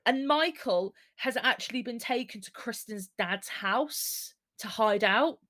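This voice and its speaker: A woman's voice: on the high side, unhurried, a bit bright. A woman hosting a true-crime podcast in casual chat, speaking, blunt and swearing freely as she laughs through the story. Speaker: podcast host.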